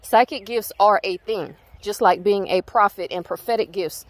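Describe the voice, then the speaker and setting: A woman's voice: mid-range voice, normal speed, no room sound. A woman with a Southern US accent ranting to her viewers, blunt, emphatic and full of profanity. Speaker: spiritual channel host. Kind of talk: heated rant to viewers.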